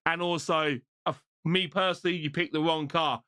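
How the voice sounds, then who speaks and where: A man commentating online races on his live stream, shouting during close finishes and then chatting loosely to his viewers while out of breath. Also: on the high side, fairly even intonation, moderate pace. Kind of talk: live race commentary and casual chat.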